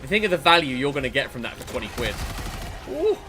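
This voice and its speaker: A man, hosting a podcast stream and chatting excitedly while playing a game. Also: mid-range voice, fast, music in the background.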